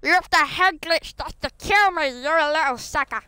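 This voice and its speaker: Over game voice chat, a troller mocks other players with the same insults again and again, playing a bratty self-proclaimed old policeman. His voice is high and sharp, and he talks at a moderate pace.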